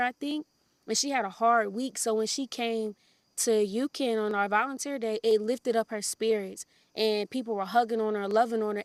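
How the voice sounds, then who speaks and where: A woman's voice: on the high side, dry recording. A woman who helps at a community garden, chatting casually in an interview and often saying "like" and "um". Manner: relaxed, many fillers like "like" and "um".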